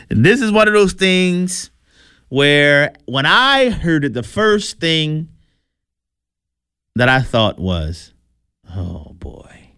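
Brief: man, political commentator, higher voice, chatty and wry. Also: very animated, extremely slow, pauses often, pushed and bright, clean tone, no echo, clean studio sound. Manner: chatty, wry, stumbles on words.

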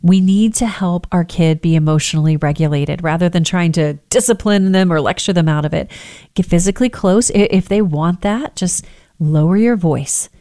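A woman who works in healthcare, giving calm, earnest, emphatic advice to parents. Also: fairly low pitch, a little fast.

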